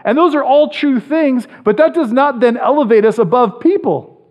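A man preaching a sermon as pastor, animated, swinging between loud emphatic lines and low quiet asides, often checking in with "right?". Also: normal speed, highs cut off.

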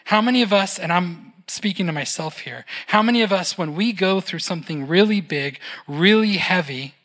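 A preacher giving a sermon in a conversational way, often checking in with a quick "right?" and adding gentle humorous asides. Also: medium pitch, expressive. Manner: conversational, keeps asking "right?".

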